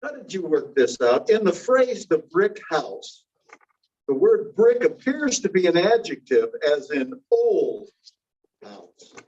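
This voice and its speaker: Male teacher, slightly high voice, patient classroom explainer, dull lo-fi recording. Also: a little hiss or hum. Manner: patient, calls on students by name. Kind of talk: classroom grammar lesson.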